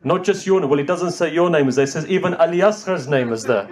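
A middle-aged man delivers an emotional sermon, his fairly high voice climbing with grief as he tells the story. He talks straight to the listeners, pleading and mournful. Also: animated, quick pace, few pauses, a little mellow. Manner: rising, grief-laden storytelling, pleading with the audience. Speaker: preacher. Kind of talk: emotional majlis sermon recitation.

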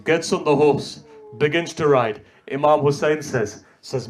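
A man's voice: a little high, measured pace. Impassioned man reciting a mourning sermon. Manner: impassioned, swinging between loud cries and hushed tones; sprinkles Arabic religious terms. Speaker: religious reciter.

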